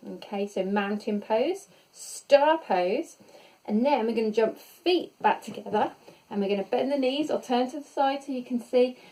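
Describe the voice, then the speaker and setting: A woman's voice: fairly high pitch, darkish tone, rough recording. A woman leading an online yoga class, upbeat and encouraging as she calls out poses. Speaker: yoga instructor. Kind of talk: online fitness class instruction.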